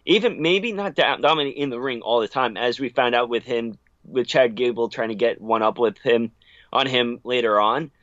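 A man's voice: mid-range voice, moderate pace, fairly bright tone, no room sound. Rambling opinionated man, dull lo-fi sound. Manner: opinionated, rambling, restarts often. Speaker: podcast co-host. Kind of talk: casual wrestling chat.

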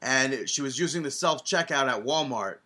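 A man co-hosting a casual podcast, animated and swearing often as he rants. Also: mid-range voice, normal speed. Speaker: podcast co-host.

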